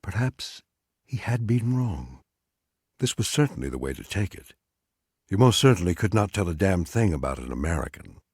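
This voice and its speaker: Male audiobook reader, husky low voice, lively expressive reading, dry close sound. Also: normal speed, no room sound. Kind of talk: literary story narration.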